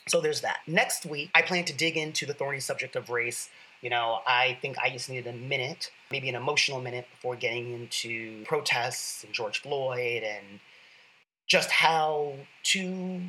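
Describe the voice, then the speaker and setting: A bright, clear-toned podcast host talking through a solo political show in a loose, conversational way. The delivery is earnest and chatty, with a self-deprecating streak, and a faint ambient hum sits behind it. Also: medium pitch, rough recording.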